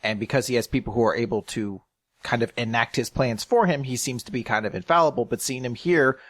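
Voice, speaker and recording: A man's voice: mid-range voice, a little fast, a bit bright, no room sound. A man with an ordinary mid-range voice, talking loosely about manga chapters. He swears casually and restarts his sentences as he thinks. The recording is dry and close. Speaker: podcast co-host. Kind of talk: casual chat.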